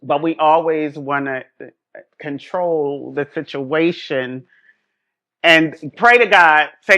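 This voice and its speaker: A woman's voice: sits low, slow, fairly bright tone, lo-fi sound. Reflective woman host asking questions. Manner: reflective, asks questions, repeats phrases. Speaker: podcast host. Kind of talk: casual conversation.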